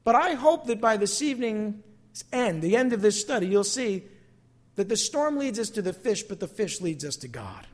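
A pastor preaching a sermon to a congregation in an animated way. The pastor acts out quoted lines in dramatic voices and repeats words while building a point. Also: mid-range voice.

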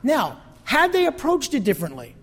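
High-voiced preaching man, church reverb. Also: moderate pace, slightly rough. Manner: animated preaching with mocking quoted asides. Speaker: pastor. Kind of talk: sermon. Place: church sanctuary.

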